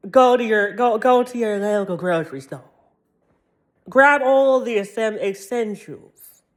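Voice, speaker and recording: A woman ranting in a casual vlog monologue, sassy and profane, breaking into laughter often. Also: mid-range voice. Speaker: vlogger.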